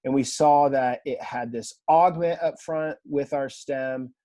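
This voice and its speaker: A man teaching a language class in a relaxed lecture style, chatty and self-deprecating, often quizzing his students. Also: medium pitch, a little slow. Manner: conversational, self-deprecating, asks the class questions. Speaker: Greek teacher.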